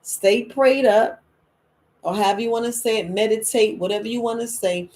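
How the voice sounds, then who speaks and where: A middle-aged woman, hosting a wellness podcast in a lively, emphatic monologue. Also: moderate pace. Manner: lively and emphatic, with quoted voices and sudden high exclamations. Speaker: herbalist and podcast host. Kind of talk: casual spoken monologue.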